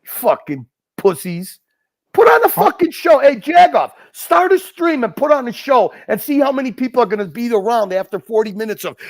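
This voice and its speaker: A man's voice: very high voice, very animated, moderate pace. A man hosting a livestream, ranting and hurling insults in profane, mocking chat. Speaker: livestream host.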